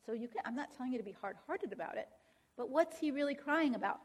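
A woman's voice: high voice, lively intonation, fast talker. Woman teaching a class, checks in often. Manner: conversational, checks in with "all right?" and "right?"; quotes scripture aloud. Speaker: Christian counseling teacher.

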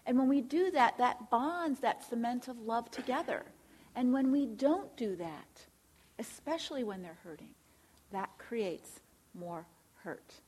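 A woman's voice: on the high side, a little mellow, breathy edge. A middle-aged woman giving an earnest faith-based teaching talk as a Christian counselor, speaking directly and asking rhetorical questions.

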